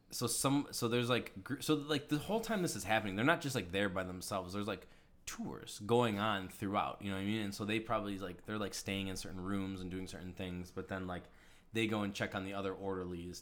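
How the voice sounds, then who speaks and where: A man's voice: deep voice, fairly bright tone. A man co-hosting a casual chat, chiming in and then retelling part of a story. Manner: chatty, chimes in with short reactions. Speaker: podcast co-host.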